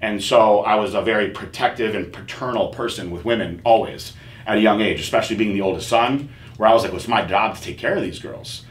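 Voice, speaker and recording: A man hosting a podcast in casual chat, telling candid stories with profanity and animated quoting. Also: fairly low pitch, brisk. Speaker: podcast host. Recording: echoey room with faint noise.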